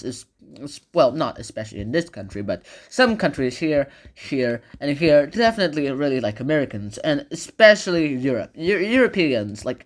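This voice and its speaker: A man's voice: a little high, fairly bright tone. A man giving a casual educational commentary, rambling with fillers and dropping sarcastic asides. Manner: loose, rambling phrasing with fillers. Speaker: video lecturer.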